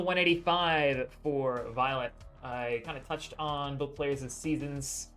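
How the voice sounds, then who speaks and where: Bright-voiced joking esports commentator man. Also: mid-range voice, fairly even intonation, slow pace, soft background music. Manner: joking, self-deprecating; announcer-style hype on countdowns. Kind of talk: live play-by-play commentary.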